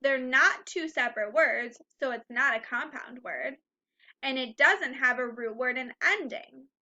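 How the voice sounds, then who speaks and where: A woman teaching a first grade phonics lesson, speaking slowly and clearly and clapping out the syllables of words. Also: high voice, sharp tone, lo-fi sound.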